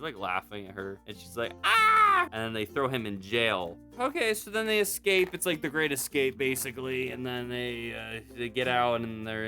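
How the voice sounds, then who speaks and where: Young man, comedy commentary host, sarcastic, deadpan asides, bright, lively pitch.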